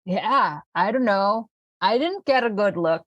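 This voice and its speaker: A woman's voice: mid-range voice, animated, a little slow, no echo, highs cut off. A laid-back stoner man, as a woman game master puts him on, who rambles along in a mid-range voice, trailing off and circling back on himself. The sound is close and dry, with almost no room around it. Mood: vague. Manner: rambling, hesitant, full of fillers.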